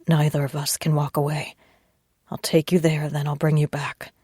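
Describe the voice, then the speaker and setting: A woman's voice: low-pitched, little pitch movement, normal speed, a little mellow, husky, dry recording, studio quality. A woman voicing Nick, a flirty, cajoling male ex-soldier with a scarred face, in an audiobook. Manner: cajoling, teasing.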